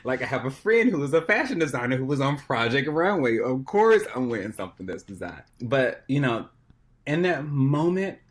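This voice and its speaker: Animated man telling a story. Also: mid-range voice, moderate pace. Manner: animated, drops to a hushed voice for suspense; peppers speech with "like". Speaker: podcast guest. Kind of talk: casual anecdotal storytelling.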